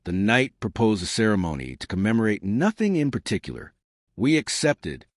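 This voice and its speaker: A man narrating a scripted story in a slow, lyrical, measured way. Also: on the low side, sing-song, dry recording, clean studio sound.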